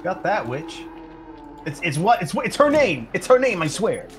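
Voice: mid-range voice, very animated, normal speed, music in the background. A friend on voice chat bickering sarcastically during an online game. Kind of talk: casual gaming banter.

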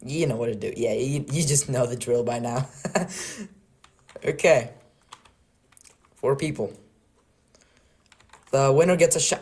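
A young man hosting a game server, commentating in a casual, excitable and joking way at a desk mic. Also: mid-range voice, moderate pace, pauses often. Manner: excitable, joking and laughing, trolling players. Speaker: game server host and YouTuber.

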